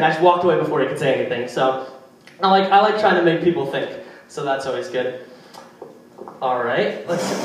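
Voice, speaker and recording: A young male comic with a high voice rambles through his set and needles the crowd. He sounds far from the microphone, and his voice echoes heavily in the room. A faint hum sits under it. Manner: rambling, chatty, teasing the audience. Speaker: stand-up comedian. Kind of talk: stand-up routine. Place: live comedy venue. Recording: echoey venue, far from mic.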